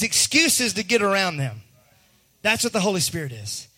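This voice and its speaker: Preaching briskly, this high-voiced pastor gives a lively sermon whose asides fall nearly to a hush before he builds up to shouting. His sound is bright and ringing throughout.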